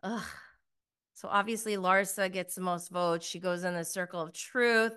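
A woman giving a casual, chatty recap review, emphatic and quick to laugh, with lots of "like". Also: lowish voice, steady tone, pushed and bright, smooth.

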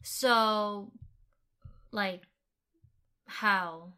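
A woman's voice: medium pitch, extremely slow, sharp tone. A woman in casual conversation, curious and thinking aloud as she checks what she understood. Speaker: learner asking questions.

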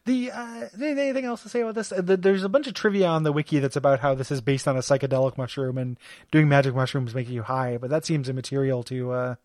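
A man's voice: mid-range voice, steady tone, quick pace, darkish tone, no room sound, clean studio sound. A man co-hosting a casual podcast about a video game, rambling with lots of fillers and restarts and laughing often. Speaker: podcast co-host. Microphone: studio microphone.

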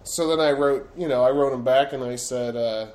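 A man's voice: mid-range voice, moderate pace, a little mellow. Laughing, foul-mouthed young podcast man. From Florida. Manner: laughs often, swears freely. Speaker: podcast host. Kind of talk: casual crude banter.

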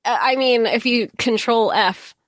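A woman co-hosts a podcast, chatting casually about a book while rambling and hedging with lots of fillers and restarts. Her voice is a little high and a little slow, with clean studio sound and no room sound.

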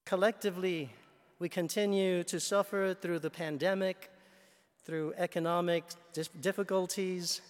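A man preaching a sermon as a priest, slow and measured, telling a story as he goes. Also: sits high, steady tone. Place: church. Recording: reverberant church hall. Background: long hall reverb.

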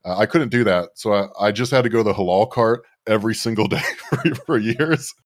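A man's voice: on the low side, a little fast, no echo, clean studio sound. A man co-hosting a leftist podcast, chatting casually in a sardonic, rambling way with frequent restarts. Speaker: podcast co-host. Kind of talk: casual political podcast banter.

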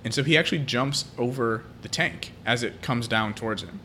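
A medium-pitched man talks a little fast in a pushed, bright voice, with faint background noise. As a podcast co-host in casual chat, he retells a film's plot at length, full of fillers.

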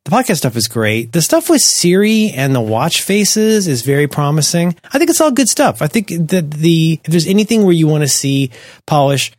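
Skeptical, animated podcast host man. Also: fairly high pitch, normal speed, dry recording, studio quality. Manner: animated, skeptical, self-deprecating asides. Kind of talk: casual tech podcast chat.

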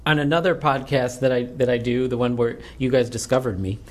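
A man co-hosting a podcast in casual chat, relaxed and joking. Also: mid-range voice, a little fast. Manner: relaxed, joking, says "dude". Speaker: podcast co-host.

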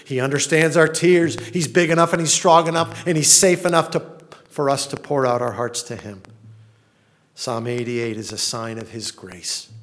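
A man's voice: mid-range voice, a bit bright. A male pastor preaching a sermon in an earnest manner, reading laments with rising passion.

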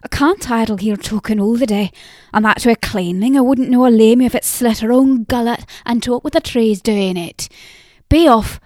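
A woman voicing a gossipy, impatient old peddler woman who talks in a loud, rustic, chattering way in an audiobook. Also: a little high, normal speed, no echo, clean studio sound, close to an everyday voice. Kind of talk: audiobook character voice.

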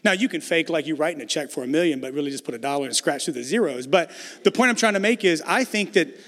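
A man in his thirties preaching a sermon as a pastor, animated and acting out dialogue as he tells stories. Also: on the high side, quick pace. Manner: animated storytelling, acts out dialogue. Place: church sanctuary. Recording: long hall reverb in a church.

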